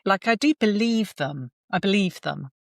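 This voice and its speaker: A woman's voice: medium pitch, lively intonation, moderate pace, vocal fry, no echo, clean studio sound. A middle-aged woman, a podcast guest telling candid, self-mocking stories about family life in casual conversation. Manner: candid, self-mocking storytelling with quoted voices.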